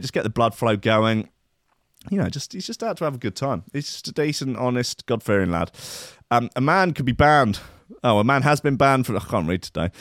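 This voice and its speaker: A man's voice: on the low side, dry recording, clean studio sound. A man hosting a casual chat show, reading out news stories with stumbles, restarts and chuckling asides. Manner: rambling, stumbling over words, chuckling asides.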